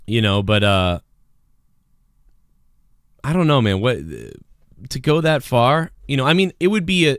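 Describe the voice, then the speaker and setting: A man hosting a live show, reacting to a video in a rambling, profane way and now and then shouting mocking impressions. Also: mid-range voice, clear, resonant tone, no echo, studio quality. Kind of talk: casual profane commentary.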